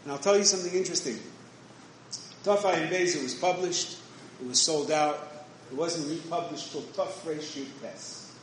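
A man's voice: fairly high pitch, normal speed. A man giving a conversational Torah lecture, full of restarts and Hebrew and Yiddish terms. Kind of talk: yeshivish Torah shiur. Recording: very echoey room, faint noise.

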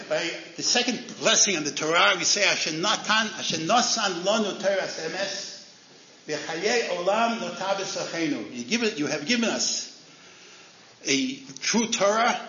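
A man's voice: high-pitched, animated, moderate pace, sharp tone, echoey room, highs cut off. A man giving a Torah lecture as a rabbi, telling stories and acting out the characters' lines with sudden rises in voice.

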